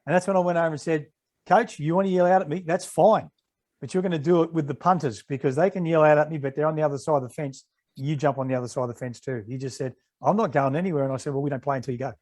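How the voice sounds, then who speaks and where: A man's voice: a little high, very fast. An Australian man in his sixties, a former referee, telling stories in an interview and acting out the exchanges he recalls. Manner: animated anecdotes, acting out quoted exchanges. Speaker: retired rugby league referee, podcast guest. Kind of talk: casual storytelling interview.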